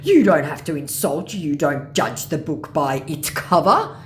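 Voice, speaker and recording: A young male romance scammer who pleads and protests, dragging out every word, as a woman narrator puts him on. The voice sits low but swings widely in pitch. A faint hiss runs underneath. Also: sing-song. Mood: protesting. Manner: pleading, protesting, slow and drawn out.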